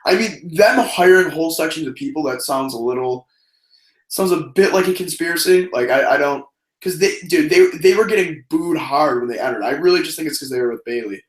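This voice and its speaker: A man's voice: a little high, brisk, reverberant, rough recording. A man casually co-hosting a wrestling review, talking profanely and breaking into mocking impressions. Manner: profane, animated, does mocking voices. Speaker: podcast co-host.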